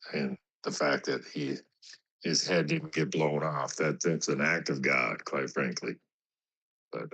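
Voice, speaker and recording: A man's voice: very deep voice, a bit bright. A man filling in as host of a live stream, chatting bluntly and swearing casually. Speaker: stand-in host. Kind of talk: casual chat.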